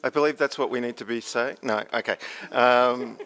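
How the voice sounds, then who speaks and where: A man's voice: medium pitch, steady tone, normal speed, a bit bright. A man, a photography judge, introducing himself and critiquing a print with dry, easygoing humor. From Tasmania, Australia. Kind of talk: casual self-introduction and critique. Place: judging room.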